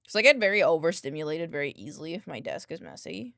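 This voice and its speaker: A woman's voice: low-pitched, sing-song, fast, vocal fry, a bit bright, no room sound, studio quality. A woman streaming from her home desk, chatting casually and playfully teasing, cooing baby talk at her cat. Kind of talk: casual live-stream chat.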